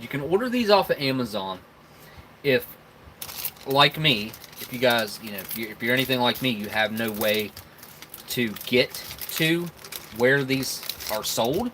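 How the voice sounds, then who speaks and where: A man's voice: medium pitch, fairly bright tone, slight background noise, poor audio. A man with a Southern rural American accent hosting a casual live stream, rambling and chuckling as he tastes snacks and talks with his mouth full.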